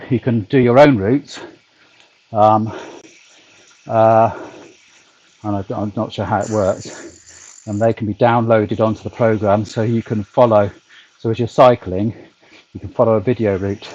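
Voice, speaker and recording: A man's voice: fairly low pitch, steady tone, measured pace, long pauses, mellow, dull audio. Rambling British man chatting mid-ride. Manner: rambling, many ums, dry humour. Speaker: vlogger cycling on a turbo trainer. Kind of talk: casual chat to a livestream. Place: home, back garden.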